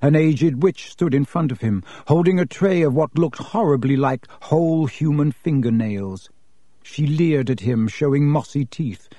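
A man narrating an audiobook in a steady, measured way. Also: a little high, no echo.

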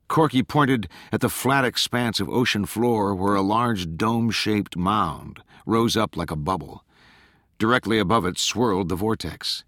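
A man reads a thriller with measured, steady narration. His voice is on the low side but bright and forward, recorded dry and close on a studio mic. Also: no room sound. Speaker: audiobook narrator. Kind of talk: scripted narration.

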